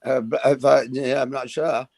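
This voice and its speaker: A man's voice: mid-range voice, steady tone, normal speed, gravelly, darkish tone. A man co-hosting a podcast, telling a rambling, profane story full of stammering restarts. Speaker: podcast co-host. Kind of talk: casual chat.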